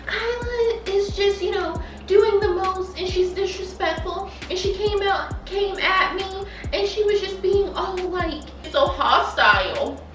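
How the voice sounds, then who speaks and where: A woman putting on the voice of a loud, mouthy young coworker who is shrill, indignant and quick to pick a fight, pitched way up high. The voice comes from off-mic in an echoey room, with faint music behind it. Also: distant mic. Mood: whiny complaining. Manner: shrill, mocking, indignant mimicry.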